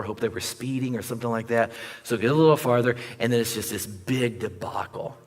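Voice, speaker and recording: A young male pastor delivering a sermon in a church, telling a story with animated energy and acting out the voices of the people in it. His voice sits at an ordinary middle pitch and carries a long reverb from the sanctuary. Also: moderate pace. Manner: animated storyteller acting out dialogue, jokes with the audience.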